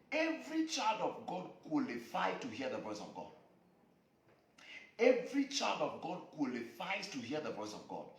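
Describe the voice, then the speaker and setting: A male preacher delivers an online sermon with an emphatic, repetitive cadence, his fairly high voice rising and falling widely. The recording has an echoey room sound. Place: room alone.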